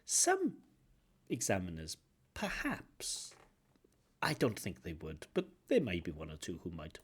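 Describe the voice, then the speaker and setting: A man with a fairly low voice comments on a candidate's recorded answers in the manner of a teacher. His delivery is animated and explanatory, and his pitch swings widely as he hums out intonation patterns. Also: fairly quick, breathy edge. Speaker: IELTS examiner giving feedback.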